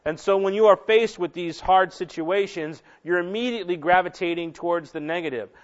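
A man's voice: high voice, fairly quick. A man preaching a sermon as pastor, conversational and given to repeating and restarting words. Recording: dull lo-fi recording.

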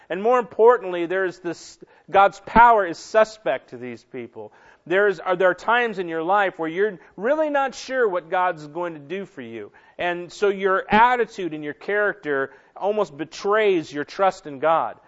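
Male pastor, conversational sermon, slightly high voice, lo-fi recording. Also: animated, normal speed. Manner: conversational, repeats and restarts words. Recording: dull lo-fi recording.

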